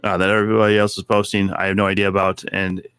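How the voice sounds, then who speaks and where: A man's voice: deep voice, flat delivery, fast, fairly bright tone, smooth. A man co-hosting a casual wrestling podcast, profane and mock-boastful as he jokes with friends. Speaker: podcast co-host.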